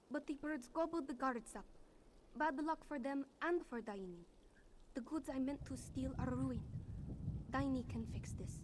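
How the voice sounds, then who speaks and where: A jittery young cat-folk thief from a fantasy game, who calls herself "this one" and pleads for help. Her voice sits very high. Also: darkish tone, slight background noise.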